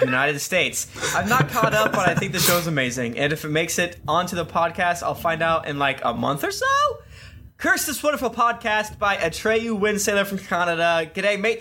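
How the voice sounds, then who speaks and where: Man, jokey podcast host, high bright voice, reads reviews with a grin. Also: expressive, brisk, a little hiss or hum. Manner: playful, jokey, laughs through lines. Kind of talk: casual reading aloud to friends.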